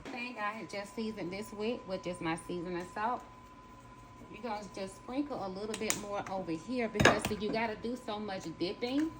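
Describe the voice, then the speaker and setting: A woman's voice: mid-range voice, moderate pace, heavy background noise. A woman with a Southern US accent, hosting a casual home cooking demonstration in a folksy, chatty way and talking straight to her viewers. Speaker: cooking show host. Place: home kitchen.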